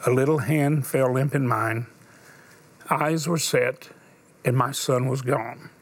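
A man's voice: mid-range voice, steady tone, takes it slowly. An older man, a preacher hosting a Christian talk show. He tells stories in an earnest preaching manner. At emotional points his voice sinks almost to a whisper. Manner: earnest preacher, drops to a hushed voice for emotional moments. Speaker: TV host and preacher.

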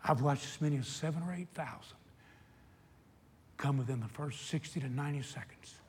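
An older man preaching a sermon, telling a personal story and swinging from hushed retelling to shouted exhortation. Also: on the high side, brisk, long reverb tail, slight background noise.

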